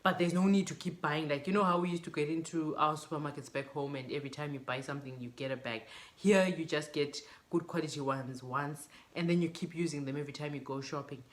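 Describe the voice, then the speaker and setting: A woman's voice: low voice, fast talker, hardly any pauses. A woman from Zimbabwe chatting to camera as a vlogger, telling stories and mimicking what people say to her. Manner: chatty, storytelling, quotes others in bright mimicking voices. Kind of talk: casual chat to camera.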